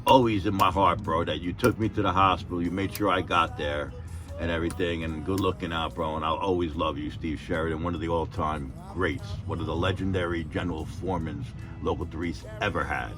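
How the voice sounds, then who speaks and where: Deep-voiced New man telling stories. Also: fairly even intonation, brisk, music in the background. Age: 50s. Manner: rambling, profane, repeats "and everything". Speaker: retired electrician telling stories. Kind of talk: casual storytelling.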